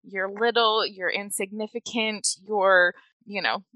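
A woman, a mother hosting a casual podcast chat, emotional and quick to laugh as she retells conversations. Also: mid-range voice, steady tone, dry recording. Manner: warm, emotional, laughs often, retells dialogue.

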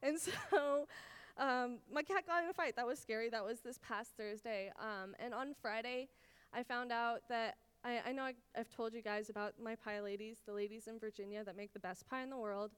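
A woman's voice: a little high, fairly even intonation, brisk, clean tone, big-room sound. Earnest young woman teaching Bible study. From Israel. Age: 20s. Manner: earnest and personal, many "like"s, emotional at times.

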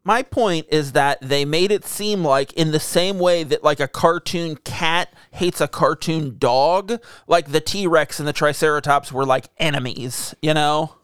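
A man with a fairly high, smooth, clear voice, talking in a dry, deadpan way and drawing out his musings. He swears casually, and he is recorded up close in a dry room. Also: measured pace, few pauses, dry recording. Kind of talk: casual banter.

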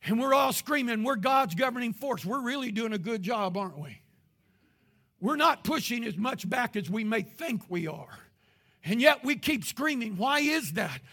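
A man, preaching a sermon as pastor with impassioned rises into shouting. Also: very high voice, big pitch swings, moderate pace.

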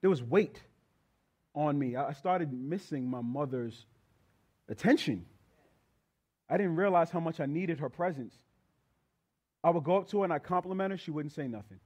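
A man's voice: on the high side, animated, normal speed, long pauses, darkish tone. A man preaching a sermon, moving from prayer into a personal story and talking straight to the congregation. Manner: conversational preaching, addresses congregation as y'all.

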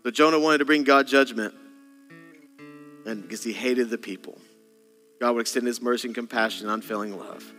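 Bright-voiced pastor preaching in a hall. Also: male voice, medium pitch, steady tone, brisk, pauses often. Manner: dramatic, acts out voices in bursts. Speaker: senior pastor. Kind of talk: sermon. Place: church auditorium. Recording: long hall reverb, faint guitar behind. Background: soft guitar.

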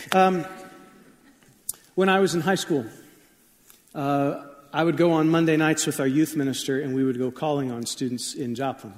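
A man in his forties giving a conversational sermon, telling stories in a relaxed way with fillers and asides. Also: a little high. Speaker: pastor. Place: church sanctuary. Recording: long hall reverb.

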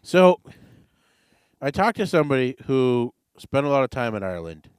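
A man's voice: medium pitch, very animated, normal speed, smooth, dry recording. Offhand rambling male podcast host. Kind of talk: casual podcast chat.

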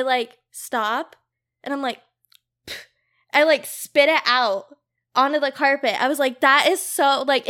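Her voice high-pitched and a bit bright, a young cam model guesting on a podcast giggles through funny stories. The chat is casual and packed with "like."

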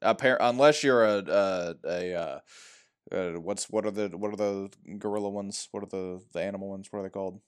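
A man's voice: deep voice, fairly quick, smooth. A man co-hosting a casual movie podcast, joking and laughing often. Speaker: podcast co-host. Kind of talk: casual chat.

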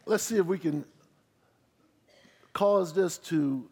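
A male pastor delivers a sermon in call-and-response style, tossing questions back to his congregation. He sinks into quiet asides and then rises loud on the words he wants to land. His slightly high voice rings with the long reverb of a large hall. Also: slow, gravelly, pauses often, breathy edge. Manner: drops low for asides, rises loud on emphasis.

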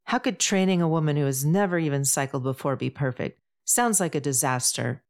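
A woman voicing a stubborn, reclusive man who answers curtly and flares up loudly. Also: low-pitched, fairly quick. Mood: outraged. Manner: curt, flaring up loud.

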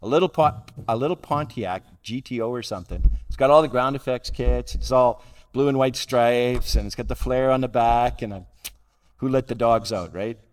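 A man's voice: mid-range voice, normal speed. A middle-aged man gives a humorous, self-deprecating personal talk as a guest speaker, chuckling at his own jokes. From Calgary, Canada. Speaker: guest speaker at a recovery roundup.

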